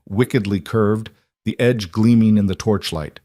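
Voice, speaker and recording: A man narrating a paranormal romance audiobook in a dramatic, measured way. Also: fairly low pitch, mellow, no room sound, clean studio sound. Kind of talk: scripted narration.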